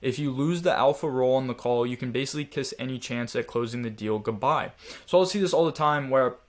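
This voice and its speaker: A man's voice: medium pitch, fast talker. A young man giving a casual sales training lecture, explaining with many fillers and acting out different tones of voice. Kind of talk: screen-share training lecture.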